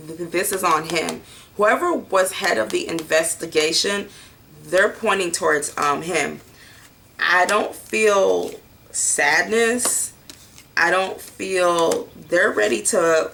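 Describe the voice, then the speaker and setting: Slow, gravelly woman reading tarot cards. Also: lowish voice, sharp tone, slight background noise. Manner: blunt, casual and profane, with many fillers. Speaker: tarot card reader. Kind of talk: casual tarot reading video.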